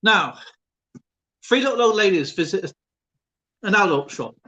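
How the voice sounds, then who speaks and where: A man's voice: sits high, animated, normal speed, sharp tone. A man hosting a stream in casual chat, telling rambling jokes and laughing often. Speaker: stream host.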